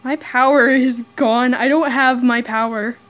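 Jumpy high-voiced woman gaming. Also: fairly even intonation, unhurried, fairly bright tone, rough recording. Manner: jumpy, squealing, nervous giggles. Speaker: gamer. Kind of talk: horror game let's play commentary. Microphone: camera mic.

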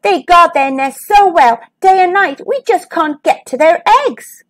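A woman's voice: very high-pitched, a little slow, voice pushed up. A woman voicing a nervous, eager male pig corporal in a storybook reading. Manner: excited, pleading.

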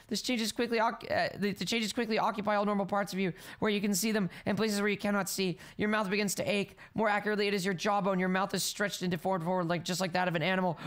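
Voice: medium pitch, level tone, fast talker, hardly any pauses, fairly bright tone. A gameplay streamer reading the game's text aloud between melodramatic, playful outbursts and comic panicked repeats. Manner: repeats lines in comedic panic. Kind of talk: let's play, reading game text aloud with reactions.

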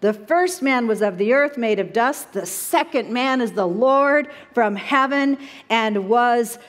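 A woman preaching and teaching scripture in an animated way. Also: a little high, slow pace. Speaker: Bible study teacher. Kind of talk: sermon. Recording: echoey hall.

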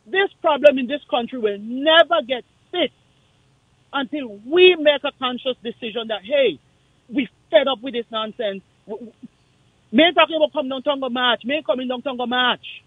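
A man with a Kittitian accent calling in to a radio talk show, speaking in an impassioned, forceful, repetitive way. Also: extremely high pitch, moderate pace, no room sound. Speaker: caller. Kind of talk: call-in radio rant. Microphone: phone line. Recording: tinny dry phone line.

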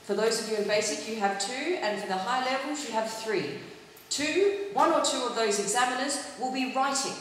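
A woman's voice: on the high side, moderate pace, fairly bright tone. Woman teacher in an echoey hall. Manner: clear and instructive, checking in with "okay?". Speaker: English teacher. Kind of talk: giving exam advice to students. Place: large hall with an audience. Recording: echoey hall, faint noise.

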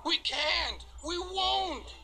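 A man voicing stubborn, whiny old freight cars in a storybook reading, complaining in a high voice. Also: drawn-out words, gravelly, bright, forceful tone, slight background noise, full character voice. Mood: protesting.

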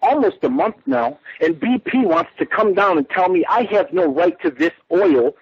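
A man's voice: high-pitched, expressive, normal speed, breathy edge, no room sound. A man making a prank phone call, ranting with mock outrage and agitation. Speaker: prank caller. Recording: muffled phone line.

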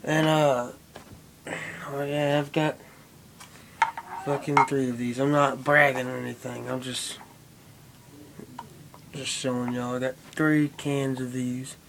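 A man's voice: mid-range voice, flat delivery, slow pace, creaky, pauses often, a bit bright, slight background noise. A young man rambling casually and profanely to his camera, with lots of fillers. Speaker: vlogger. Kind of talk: casual vlog chat.

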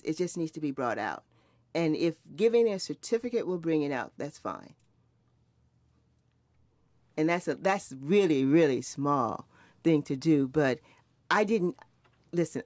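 In a recorded oral history conversation, a woman in her seventies is interviewed and recalls her mother and grandmother in an earnest, reflective way, often restarting her sentences. Her voice is low, with no echo.

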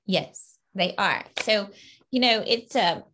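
A children's book author from Louisiana answers interview questions over a video call, earnest and upbeat, her stories breaking into lively bursts. Her voice sits at medium pitch and she takes things slowly.

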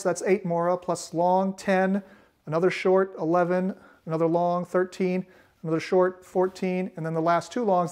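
A man's voice: sits high, a little mellow. A man hosting a video on Latin poetry, explaining casually as he thinks aloud, with frequent restarts and direct, friendly address to viewers. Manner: thinking aloud, many restarts while working through the arithmetic. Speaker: Latin teacher and video host.

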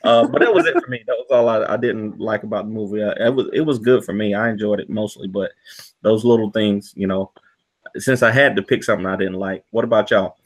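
A man's voice: on the low side, steady tone, brisk. A man giving a casual movie review, rambling with lots of "you know" fillers. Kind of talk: casual podcast review chat.

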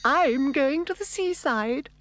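A man voicing a vain, flighty young female fairy in a high, shrill, dismissive voice for a storybook record. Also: animated, slow, fairly bright tone, soft background music, heavily acted. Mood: chirpy.

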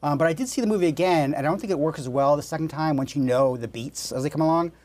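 A man's voice: fairly high pitch, quick pace, a little mellow. A man on a film critics' panel who bluntly disagrees with the others. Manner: blunt, argues against the others. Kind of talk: panel film review chat.

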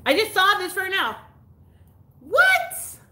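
A woman's voice: on the high side, animated, measured pace, bright, forceful tone. A woman from Texas, gushing casually as she unboxes mail on a live stream. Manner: gushing, exclamatory, chatty, with gasps and laughs. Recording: echoey room.

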